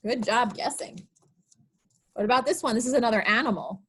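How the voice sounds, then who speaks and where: A woman's voice: a little high, brisk, long pauses, fairly bright tone, husky. A woman, a children's librarian, reading picture books aloud during an online storytime, asking small children sing-song guessing questions.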